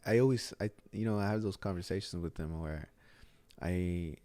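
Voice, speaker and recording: A middle-aged gym owner chats on a casual podcast, telling rambling stories full of restarts. His deep voice is mellow and his pace moderate, captured in a dry recording.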